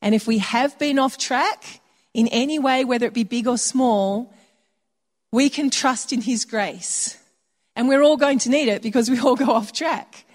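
A woman with a slightly high voice delivers a sermon in a chatty, conversational manner, now and then acting out quoted lines. Her voice carries a long reverb, as in a hall. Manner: warm conversational preaching with acted asides. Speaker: preacher.

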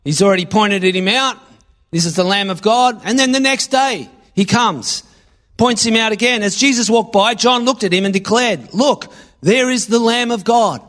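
A man preaching a sermon, reading scripture aloud and acting out lines with sudden loud bursts. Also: high-pitched, normal speed. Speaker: pastor.

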